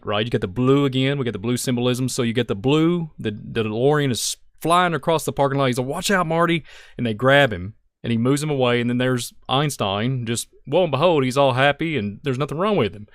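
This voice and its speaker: A man co-hosting a podcast, talking through a film slide by slide in a rambling, excitable way with many restarts. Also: medium pitch, no room sound, studio quality. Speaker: podcast co-host. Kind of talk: casual film-analysis chat.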